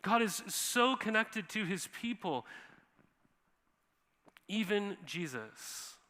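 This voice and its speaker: A man preaching in a church, his bright and forceful voice sitting a little high for a man. He talks casually and animatedly, slipping into quoted voices. A long reverb from the hall trails behind his words. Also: very animated, takes it slowly. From Montana. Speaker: pastor. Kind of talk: sermon. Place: church sanctuary.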